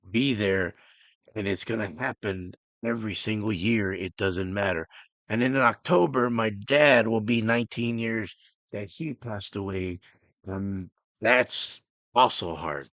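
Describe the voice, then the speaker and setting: Man, middle-aged, podcast host, earnest, halting, lowish voice, dry close sound. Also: a bit bright, no echo. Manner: earnest, emotional, halting restarts. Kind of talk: personal podcast monologue.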